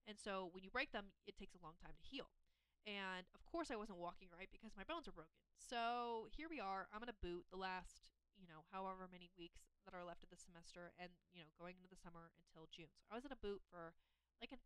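Candid young woman with a smooth voice. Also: medium pitch, a little fast, a bit bright, no echo, poor audio. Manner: candid, rambling, heavy use of "like". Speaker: college soccer player. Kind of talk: personal storytelling to camera.

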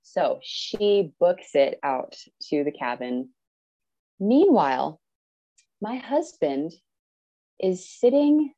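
A woman in her thirties, a podcast guest, telling a personal story in an earnest, animated way and acting out what people said. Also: on the low side, rough recording. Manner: earnest, animated, acts out quoted speech.

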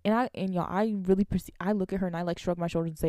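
A young woman, a college student, venting to her viewers in casual storytime chat, animated and laughing between lines. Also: mid-range voice, a little fast, dry recording. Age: young adult.

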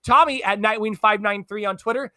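A man's voice: high-pitched, pushed and bright, no room sound, clean studio sound. A man hosting a podcast, joking with his guest and then reading the show's outro. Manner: jokey, quick to laugh. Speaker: podcast host. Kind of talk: casual podcast chat and outro.

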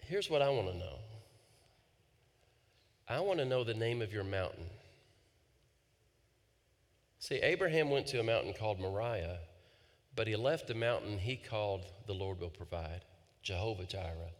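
A man's voice: lowish voice, lively intonation, moderate pace, pauses often. A male pastor preaching a sermon in a church, earnest and storytelling, with frequent repeated words. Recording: long reverb in a large hall.

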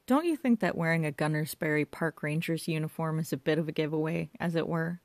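Woman playing a deadpan young male bobby for an audiobook, dry close sound. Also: on the high side, brisk, no echo, lightly acted. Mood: earnest. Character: blunt young male police constable. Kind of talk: audiobook character voice.

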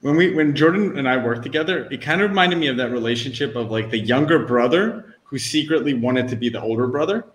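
A man's voice: medium pitch, animated, quick pace, hardly any pauses, slight background noise. Earnest friendly man hosting a podcast. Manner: friendly, earnest, reads listener questions. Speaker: podcast co-host. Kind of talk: casual podcast chat.

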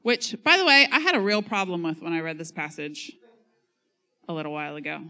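A woman's voice: on the low side, fairly quick, sharp tone. Conversational woman pastor preaching a sermon. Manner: conversational, self-mocking humor; reads scripture and acts out quotes.

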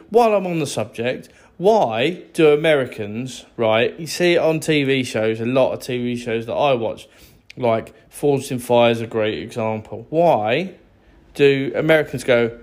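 English man, unhurried sarcastic rant, exasperated asides. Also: mid-range voice. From England. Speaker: vlogger. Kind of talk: ranting to camera.

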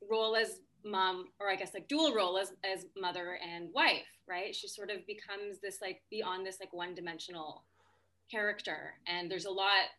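A woman's voice: medium pitch, fairly even intonation, normal speed, bright, forceful tone. A woman in casual discussion on a podcast, talking in a chatty way with many fillers and restarts.

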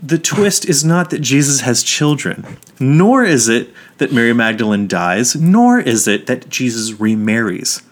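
A man with a mid-range voice co-hosts a casual podcast, recounting movie stories energetically at an unhurried pace. He swears freely and acts out the quotes in an animated storytelling style.

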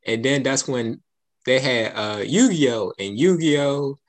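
A young man with a mid-range voice tells childhood stories in a slow, laid-back way, laughing often and acting out the things people said. It's a relaxed, casual conversation.

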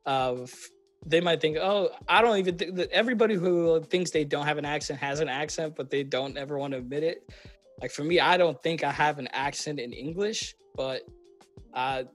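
A young man from Kenya hosts a podcast in casual conversation, slipping into quoted voices as he tells his stories. His voice sits fairly high, and soft music runs faintly underneath. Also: moderate pace. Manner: animated storyteller, acts out quoted voices, frequent fillers. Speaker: podcast host. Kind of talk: casual chat.

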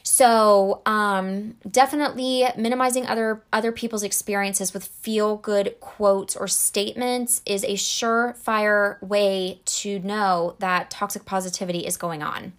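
A woman's voice: mid-range voice, fairly even intonation, unhurried, few pauses. A woman talking casually to camera about emotional support, earnest and conversational, with acted-out examples.

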